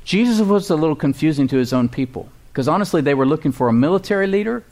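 A male pastor preaching a sermon, asking the congregation questions, rising high for quoted cries and dropping low and soft for quiet moments. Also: animated, fast.

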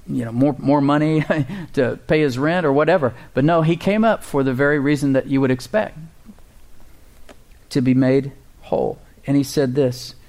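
A male pastor preaching an emphatic sermon to his congregation, with a mid-pitched voice. He keeps asking the room questions, his voice climbing for dramatic quotes and sinking quiet for reflective moments. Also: gravelly. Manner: emphatic, rises high for quoted cries and drops low and soft for stillness.

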